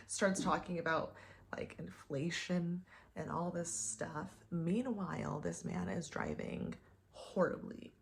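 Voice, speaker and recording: Chatty young woman with a gravelly low voice. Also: lively intonation, slow pace, a little hiss or hum. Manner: chatty, lots of "like" fillers. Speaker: vlogger. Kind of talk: casual storytime.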